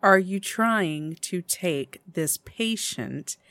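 A woman voicing a brisk young male hospital nurse who questions firmly. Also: lowish voice, expressive, fairly bright tone, dry recording, heavily acted. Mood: stern. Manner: firm, questioning.

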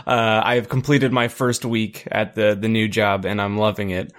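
A man's voice: on the low side, flat delivery, normal speed. A man co-hosting a podcast, telling a rambling story full of fillers and swearing. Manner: rambling, profane, uses many fillers. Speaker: podcast co-host. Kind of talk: casual storytelling chat.

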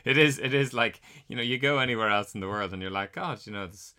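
A man's voice: mid-range voice, quick pace, sharp tone, clear, resonant tone. An Irish man co-hosting a podcast, joking and teasing in casual chat. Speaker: podcast co-host.

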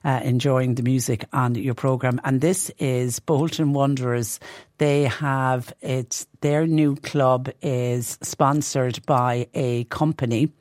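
A woman's voice: very deep voice, steady tone, slow pace, a little mellow, no echo, clean studio sound. A middle-aged woman hosting a local radio phone-in and chatting through listener messages. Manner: chatty, reads listener texts aloud. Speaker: radio presenter. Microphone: studio microphone.

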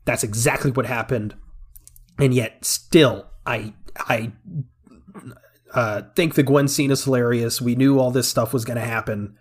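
A man co-hosting a podcast, excitedly retelling movie scenes in casual chat, laughing often and restarting his sentences. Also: mid-range voice, measured pace, slightly rough. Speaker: podcast co-host.

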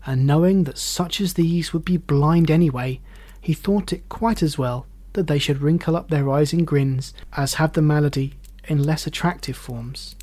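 Male narrator, storybook reading, expressive, measured, a bit higher pitched than usual.

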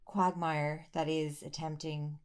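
A woman co-hosts a podcast in a casual chat, playful and quick with puns, often laughing. Her voice sits slightly low for a woman, and she talks over a remote call from a rented holiday home. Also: level tone, over a noisy crowd. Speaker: podcast co-host.

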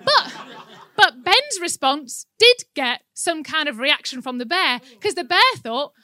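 A woman gives a church talk, spinning a personal anecdote in a lively way with frequent laughter. Her voice sits high and bright. The sound is close and dry. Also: a little slow, no echo. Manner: animated anecdotal, laughing often. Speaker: church speaker. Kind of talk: sermon with personal storytelling. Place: indoor room with an audience.

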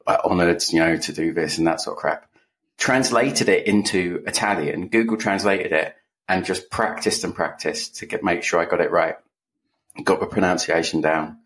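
A man with a lowish voice hosts a relaxed podcast chat. He tells his stories with a dry, self-deprecating wit. The delivery is loose and conversational. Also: moderate pace. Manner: dry, self-mocking storyteller. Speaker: podcast co-host. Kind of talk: casual chat.

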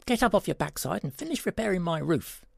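Male narrator voicing a scolding old grandmother, gravelly, dry close sound. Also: sits high, very animated, quick pace, dry recording, pitched above the performer's own voice, heavily acted. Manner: scolding, commanding.

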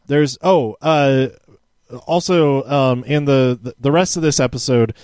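A man's voice: mid-range voice, unhurried, a little mellow, smooth, dry recording. A man casually reviewing a wrestling episode from handwritten notes, rambling with many fillers and restarts.

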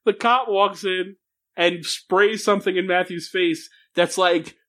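A man with a high voice, speaking a little slowly, recaps a film on a podcast with his co-host. It's casual, profane chat: he's animated, swears often, laughs, and acts out lines from scenes.

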